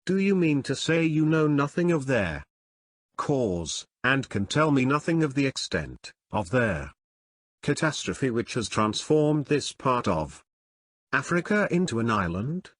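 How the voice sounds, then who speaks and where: A man's voice: medium pitch, sing-song, unhurried, no echo, studio quality. A man reading the lines of a composed, formal aristocratic count in an audiobook. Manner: formal, courteous, reserved.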